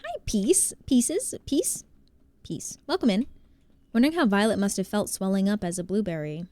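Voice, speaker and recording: A woman's voice: mid-range voice, very animated, fairly quick, a little mellow, no echo. Woman, New Jersey accent, live streamer, casual gaming chat, greets viewers, dry sound. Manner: chatty, reads chat aloud and greets viewers.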